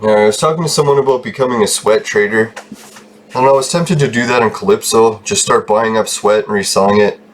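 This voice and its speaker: A man's voice: on the low side, a little hiss or hum. A man, hosting a gaming channel and talking casually, swearing heavily and ranting. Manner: heavy swearing, ranting, quick laughs. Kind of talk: casual rambling commentary while gaming.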